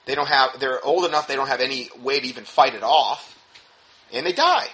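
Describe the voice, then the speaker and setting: A man's voice: medium pitch, a little fast, sharp tone, low-quality recording. A man reading news reports aloud and breaking in with emphatic, sarcastic preaching commentary, often restarting his sentences. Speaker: religious teacher.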